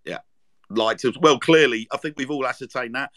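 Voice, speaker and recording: A man's voice: medium pitch, fairly quick, fairly bright tone, no echo. A man hosting a casual podcast chat, jokey and teasing, with lots of fillers. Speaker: podcast host.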